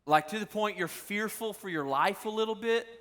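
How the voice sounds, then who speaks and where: A young man giving a casual, animated youth sermon, telling stories and asking the listeners questions. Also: sits high, normal speed. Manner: animated storytelling, talks straight to the crowd. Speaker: youth pastor.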